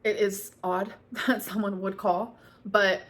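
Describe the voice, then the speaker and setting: A woman's voice: mid-range voice, flat delivery, slow, fairly bright tone. A woman in her thirties answering viewer questions in a casual vlog, rambling with many fillers and getting emotional.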